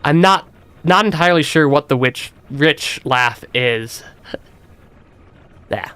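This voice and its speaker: A man's voice: on the high side, animated, slow, sharp tone, clean tone, dry recording. A man streaming a game with a stuffy nose, chatting casually, laughing often and restarting his sentences. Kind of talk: casual gameplay commentary.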